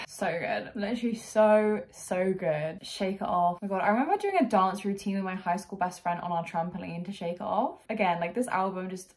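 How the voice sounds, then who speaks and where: A woman's voice: mid-range voice, animated, fairly quick, hardly any pauses, a little mellow. A young woman gushing through a casual music reaction, full of fillers and little laughs. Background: music playing faintly.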